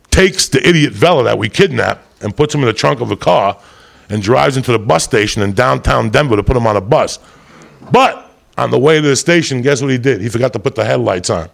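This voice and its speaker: Gravelly man telling a profane story. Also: mid-range voice. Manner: animated, profane, jumps into loud put-on voices for quotes.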